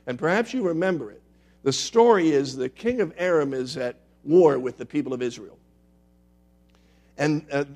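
Gravelly-voiced pastor preaching a sermon. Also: male voice, a little high. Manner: dramatic, swings from loud to hushed. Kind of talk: sermon with storytelling.

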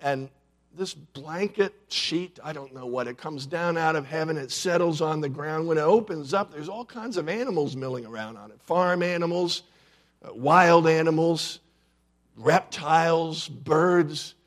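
An earnest middle-aged man , as a preacher puts him on, tells of his vision in plain, everyday words. His voice sits a touch high for a man, and its pitch rises and falls. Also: unhurried, lightly acted. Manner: plain-spoken, conversational retelling.

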